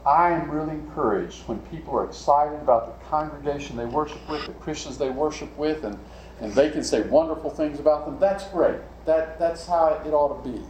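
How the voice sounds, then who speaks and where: A man's voice: on the high side, fairly quick, a little mellow, echoey room, a little hiss or hum, rough recording. A man preaching a sermon in a conversational way, putting questions to his listeners. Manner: conversational, asks the congregation questions.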